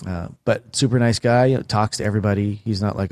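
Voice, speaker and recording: A man's voice: lowish voice, quick pace, darkish tone, no echo. A man in casual podcast chat, telling long stories with many fillers and restarts.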